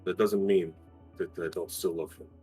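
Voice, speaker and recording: A man's voice: low voice, fairly even intonation, normal speed, dark tone, slightly rough, soft background music. A man playing a tabletop role-playing game, earnest and intense, swearing freely. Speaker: player.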